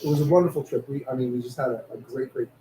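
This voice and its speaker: A man with a New York accent tells stories in a relaxed, mellow voice. The room is echoey and a faint hiss sits under him. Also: mid-range voice, rapid-fire. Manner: storytelling, animated anecdotes. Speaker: podcast co-host. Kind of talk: casual chat.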